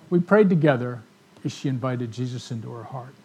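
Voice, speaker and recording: A man telling stories in a sermon to a live audience, animated, acting out the voices of the people in his stories. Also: mid-range voice, a little fast, a little hiss or hum. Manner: animated storyteller, acts out quoted voices. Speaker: ministry speaker. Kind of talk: storytelling sermon talk.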